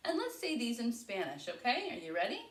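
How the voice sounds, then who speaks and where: A woman preschool teacher leading a circle time lesson for young children, speaking in a slow, clear, encouraging sing-song way. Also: fairly high pitch, wildly swooping pitch, far from the mic. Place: home. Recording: echoey room.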